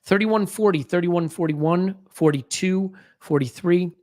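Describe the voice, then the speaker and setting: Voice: mid-range voice, a little slow, darkish tone. Anxious fan doing live match commentary. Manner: anxious, restless fan commentary with frequent restarts. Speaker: podcast host. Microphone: fiddles with a desk microphone.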